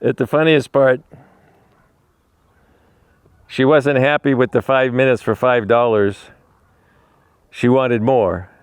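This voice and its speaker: Rambling man with a smooth voice. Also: medium pitch, steady tone, slow pace, pauses often, no room sound. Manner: rambling, repeats and restarts words; talks fondly to a dog. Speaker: animal rescuer. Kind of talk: casual storytelling while feeding a dog.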